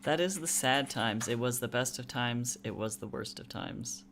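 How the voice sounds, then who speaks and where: A streamer and artist chatting casually on a live stream while drawing, rambling with many fillers and asides, reading chat aloud and jumping to higher, louder bursts when joking. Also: moderate pace, vocal fry, a little hiss or hum.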